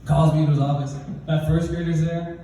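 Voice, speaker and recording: A young man telling a stand-up story, animated, jumping into high and low voices for the people he quotes. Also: fairly quick, a little hiss or hum. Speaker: stand-up comedian. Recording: roomy hall, mic from a distance.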